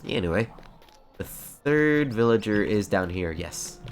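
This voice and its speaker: A man's voice: on the low side, lively intonation, unhurried. A young man streaming a fantasy online game, chatting playfully and reading quest text aloud. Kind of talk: casual live-stream commentary.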